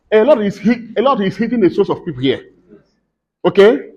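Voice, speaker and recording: A man's voice: high voice, low-quality recording. A man preaching a sermon in church, emphatic and repetitive, asking the congregation to fill in his questions.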